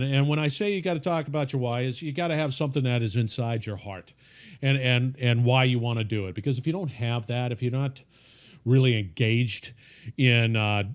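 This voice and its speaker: A man teaching an informal podcasting course, talking in a folksy, emphatic coaching way with frequent repeats and restarts. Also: medium pitch.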